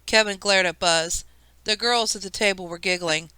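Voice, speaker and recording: A woman narrating a children's audiobook in a lively storytelling manner. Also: mid-range voice, normal speed, clean tone, no room sound, rough recording.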